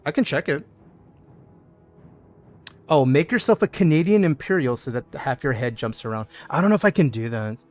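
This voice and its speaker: A man's voice: mid-range voice, lively intonation, moderate pace, long pauses. A man chats through a game stream with a playful, joking manner, reading out what his viewers write. His voice rises and falls a great deal. Faint music plays in the background. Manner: playful, jokey, reads chat aloud. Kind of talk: casual gaming stream chat.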